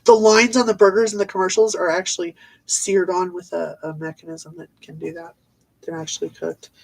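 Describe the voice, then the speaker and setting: A woman's voice: medium pitch, low-quality recording. Exasperated woman ranting. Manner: exasperated, swearing, rambling with fillers. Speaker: vlogger. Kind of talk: ranting casual monologue.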